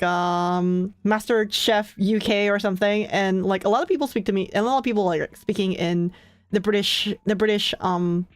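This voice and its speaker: A young woman streamer chatting casually with her viewers, relaxed and full of filler words, often laughing between thoughts. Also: medium pitch, no echo. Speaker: streamer hosting her own channel.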